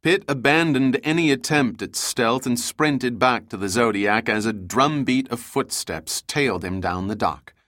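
A man narrates a thriller audiobook in a bright, forceful voice. The sound is dry and close, with no room around it. His delivery stays steady and dramatic. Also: mid-range voice, unhurried, few pauses, no room sound. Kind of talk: scripted action narration.

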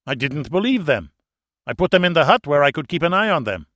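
A man voicing a terrified sweaty dutch guy, pleading way up high and loud, dry close audio. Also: big pitch swings, a little fast, dry recording. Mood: panicked.

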